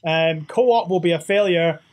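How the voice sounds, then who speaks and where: A man's voice: a little high, a little slow, darkish tone. A man hosting a casual gaming chat, swearing, teasing and laughing a lot. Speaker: podcast host.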